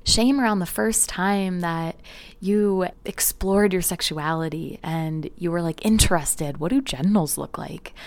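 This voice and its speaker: Low, gravelly-voiced woman coach. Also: measured pace. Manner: earnest, drops into soft whispers. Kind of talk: reflective personal storytelling talk.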